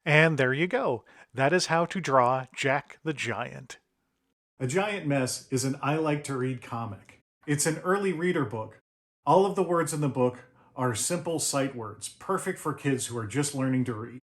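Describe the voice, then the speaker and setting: A man's voice: mid-range voice, lively intonation, a little slow, a bit bright, dry recording, studio quality. A middle-aged man, an author and illustrator, leading a step-by-step drawing tutorial. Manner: step-by-step instructive.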